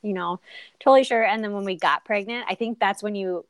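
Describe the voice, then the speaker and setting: A woman's voice: medium pitch, a little fast, clear, resonant tone, no room sound, studio quality. A woman hosting a podcast, talking casually and with empathy, often trailing off with "like". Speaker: podcast host. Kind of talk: casual chat.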